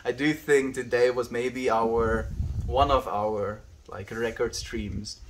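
Laid-back South African streamer, friendly. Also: male voice, mid-range voice, fairly even intonation, slow, slight background noise. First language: Afrikaans. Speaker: livestreamer. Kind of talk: reading and answering live chat. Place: outdoors on a windy day.

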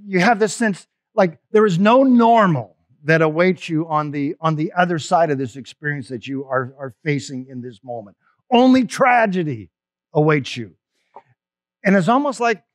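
A man delivers a sermon as a pastor, telling personal stories in a conversational, emphatic way that stumbles and restarts as he goes. His voice sits high for a man. The sound is dry and close, with almost no room around it. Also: no echo. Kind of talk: Easter sermon.

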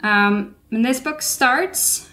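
A woman co-hosting a relaxed book podcast, talking in a chatty, easygoing way. She laughs easily and drops quick asides as she discusses what she read. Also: a little high. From lived in England for some years, learned English there. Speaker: podcast co-host. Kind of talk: casual book chat.

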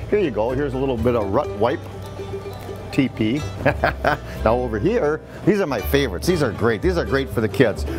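A man hosting a folksy promotional show, chatty and quick to laugh. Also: medium pitch. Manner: chatty salesman, laughs easily. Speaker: host. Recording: music bed underneath.

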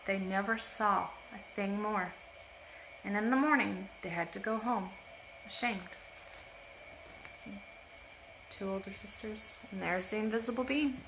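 A woman reading a picture book aloud to children at home, expressive and pausing for asides about the pictures. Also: medium pitch, a little hiss or hum. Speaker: storytime reader. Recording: roomy home echo.

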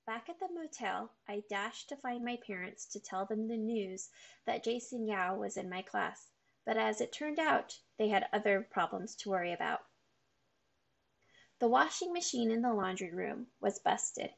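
A woman reading a children's chapter book aloud in a steady storytelling manner. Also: medium pitch, normal speed, vocal fry.

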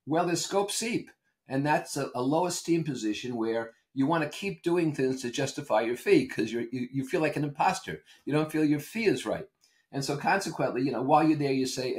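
A man's voice: fairly high pitch, fairly quick. An older man, a consultant and author, talks as a podcast guest. His voice moves through a wide range as he tells anecdotes and argues his points. He is emphatic and sure of himself. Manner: animated storyteller, emphatic and opinionated. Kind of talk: conversational interview answers.

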